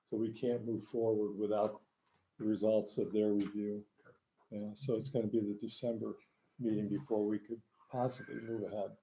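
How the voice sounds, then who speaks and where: Lawyer guy at a town meeting, lowish mellow voice, calm and measured. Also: a little hiss or hum, poor audio. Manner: measured, explanatory. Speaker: town attorney. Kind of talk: meeting remarks. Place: town board meeting hall.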